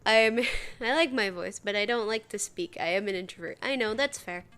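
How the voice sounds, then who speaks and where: A woman's voice: medium pitch, normal speed, fairly bright tone, clear, resonant tone, soft background music. A woman with a Saskatchewan accent, chatting casually on a game stream, giggling often and swearing casually. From Saskatchewan, Canada. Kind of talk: casual gaming stream chat.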